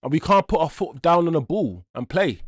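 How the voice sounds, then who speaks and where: A young man streaming a live football watchalong, talking to viewers in slang and swinging between mutters and loud outbursts. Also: a little high, lively intonation, a little fast, dry recording, studio quality. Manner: loud swings from groans to shouts, slang-heavy.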